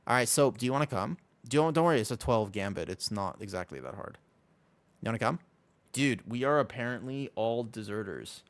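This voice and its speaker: A man casually chatting with his viewers while streaming a game, excitable and talkative. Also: mid-range voice. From United States. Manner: excitable, chatty, reacts to chat.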